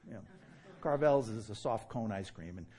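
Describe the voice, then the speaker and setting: A man with a New York accent preaching a sermon in an animated, fast-talking way, laughing often and playing out dialogues. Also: fairly low pitch.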